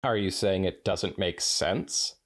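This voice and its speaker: A man's voice: deep voice, slow. A man voicing a blunt, brash tomboy teenage girl in a fan fiction read-aloud, matter-of-fact.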